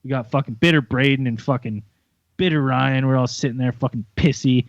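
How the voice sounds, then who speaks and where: A young man co-hosting a podcast, telling a story in a lively, profane way and acting out the voices of others. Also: medium pitch, a little fast, no room sound. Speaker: podcast co-host. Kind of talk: casual storytelling chat. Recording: muffled lo-fi sound.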